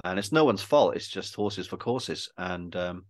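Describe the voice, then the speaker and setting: A man, a film director and guest, talking in a casual interview, rambling and self-deprecating, halting and restarting often. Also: deep voice, animated. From Wales.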